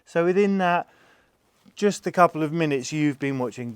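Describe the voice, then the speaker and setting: A calm, gentle man explaining how he gets a nervous horse used to having its legs touched, talking patiently as he works. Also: on the high side, moderate pace, clear, resonant tone, dry recording. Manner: calm, gentle, patient, soothing the animal softly. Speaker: farm animal carer. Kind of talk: explaining while handling a horse.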